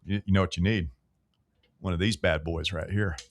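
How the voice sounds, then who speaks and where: A man's voice: low-pitched, steady tone, normal speed, no echo. A man hosting a sports radio show, ribbing his co-hosts with hyped-up banter. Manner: teasing, hyped-up needling. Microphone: studio microphone.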